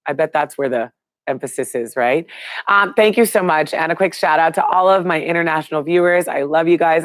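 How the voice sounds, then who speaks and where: A woman's voice: sits low, fairly quick, dry recording. A middle-aged woman hosting a live online show, chatting casually and upbeat with viewers and reading out their names.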